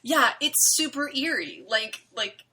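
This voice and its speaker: A woman co-hosts a podcast in loose, emphatic conversation. Her voice is bright and forceful, sitting a bit high. She leans on fillers and restarts as she builds her points. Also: unhurried, poor audio. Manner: animated, filler-heavy, emphatic. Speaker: podcast co-host. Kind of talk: casual chat about a webcomic.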